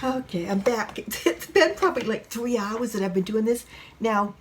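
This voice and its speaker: A woman in her sixties from New England telling stories in a casual home vlog, excitable and quick to laugh. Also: on the high side, heavy background noise. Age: 60s. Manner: excitable, laughs often, acts out voices in stories. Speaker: vlogger. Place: at home, drying her hair.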